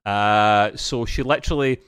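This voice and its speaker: A man's voice: on the low side, measured pace, a bit bright, clear, resonant tone. A man co-hosting a casual podcast review of a TV episode, rambling along with many restarts and fillers and laughing often.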